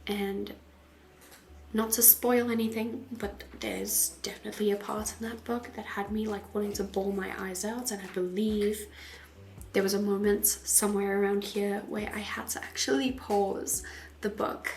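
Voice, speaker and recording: Soft-spoken, chatty woman tattoo artist. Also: medium pitch, steady tone, moderate pace. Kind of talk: casual voice-over commentary.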